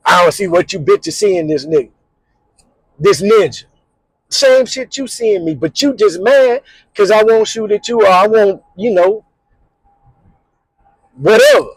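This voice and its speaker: A middle-aged man hosting his vlog, telling a story casually in an animated, slangy way, repeating words and little sound effects. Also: high-pitched, unhurried, pauses often, dry recording, rough recording. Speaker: vlog host.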